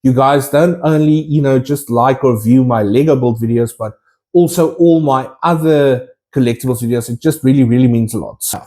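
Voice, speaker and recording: A man's voice: mid-range voice, normal speed, warm tone. A man vlogging casually to his viewers, enthusiastic and rambling with many restarts. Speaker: collectibles vlogger.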